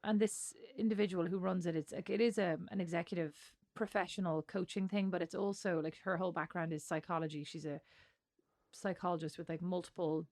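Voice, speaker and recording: A woman's voice: on the low side, steady tone, brisk, a little mellow. An Irish woman co-hosting a podcast, chatting casually and rambling with self-interruptions and easy laughter. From Ireland. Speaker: podcast co-host. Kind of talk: casual chat.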